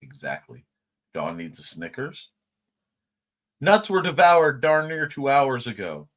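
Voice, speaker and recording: A man's voice: mid-range voice, sing-song, slow, a bit bright. A man hosting a casual livestream morning chat, reading viewer comments aloud and laughing along. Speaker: host.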